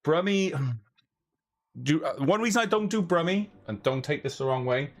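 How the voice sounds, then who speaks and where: A man's voice: a little high, lively intonation, brisk. A man hosting a casual live-stream chat, chatty and laughing often, who sometimes slips into put-on accents. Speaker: host.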